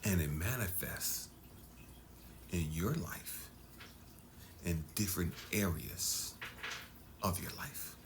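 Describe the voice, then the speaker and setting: A man speaking as a life coach in an intense motivational talk, dropping to hushed near-whispers and then surging for emphasis. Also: deep voice, lively intonation, takes it slowly, long pauses, background noise.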